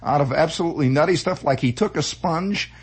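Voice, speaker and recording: A man telling comic stories in a rambling, animated way, full of restarts and acted-out voices. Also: on the high side, a little fast, husky. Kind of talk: comic storytelling monologue.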